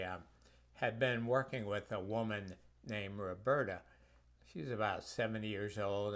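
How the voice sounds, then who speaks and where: A man's voice: on the low side, fairly bright tone. A man who works as a health practitioner, telling reflective personal stories in a conversational way for a course video.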